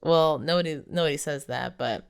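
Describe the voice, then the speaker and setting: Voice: mid-range voice, normal speed, gravelly, clear, resonant tone. A movie reviewer giving a casual, rambling plot recap, full of fillers and frequent chuckles.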